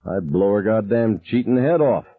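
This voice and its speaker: A man's voice: fairly low pitch, lively intonation, normal speed, husky, voice pushed up. A man reading as a very drunk, crude camp buddy. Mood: drunk jeering. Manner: crude, joking talk. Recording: tinny, phone-like narrow sound.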